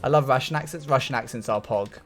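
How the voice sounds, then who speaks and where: A man's voice: mid-range voice, fast talker, music in the background. A young man chatting casually with his live chat while he plays a building game, reading comments aloud and joking. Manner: chatty, reads chat aloud, jokey asides. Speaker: streamer.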